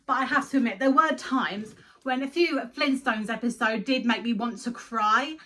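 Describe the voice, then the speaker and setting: Chatty, giggly woman host, high bright voice, emotional cartoon commentary. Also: normal speed. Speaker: video host. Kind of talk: casual cartoon review commentary.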